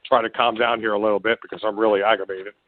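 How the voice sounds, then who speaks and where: A man with a lowish, flat-pitched voice rants furiously on his own podcast, very fast, hurling insults as he rambles and stumbles. The audio is dry and phone-like lo-fi, with slight background noise.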